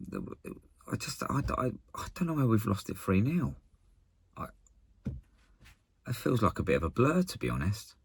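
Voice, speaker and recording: A man giving a casual, exasperated post-match rant to camera as a football fan, blunt and halting, often restarting his sentences. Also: lowish voice, huge pitch swings, vocal fry, breathy edge, no room sound. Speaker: football fan channel contributor.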